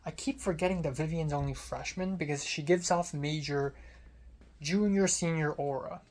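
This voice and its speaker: A man's voice: on the high side, measured pace, pauses often. Rambling young man telling a vlog story. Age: young adult. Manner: rambling, self-deprecating, deadpan asides. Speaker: film student vlogger.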